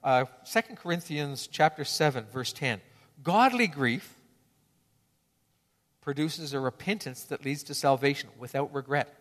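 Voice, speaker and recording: A male pastor preaches earnestly in a conversational way, often restarting his phrases. His voice sits fairly high for a man. A long hall reverb trails behind every line. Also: measured pace, fairly bright tone. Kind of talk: sermon.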